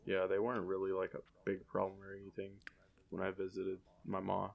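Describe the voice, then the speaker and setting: A man with a low, gravelly voice that stays flat in pitch. He hosts a podcast in a casual chat, telling relaxed, rambling stories. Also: a little fast, narrow, tinny audio. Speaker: podcast host.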